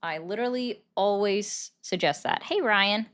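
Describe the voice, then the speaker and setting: A woman's voice: medium pitch, a little slow, a bit bright. Brief: a female livestream host, casual and chatty, taking calls and greeting viewers by name. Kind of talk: casual live political commentary.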